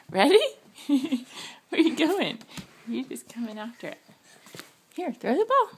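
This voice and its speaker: A woman's voice: sits high, sing-song, slow, long pauses. A young woman at home coaxing and praising her baby in sing-song baby talk. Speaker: mother. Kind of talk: home video, talking to a baby.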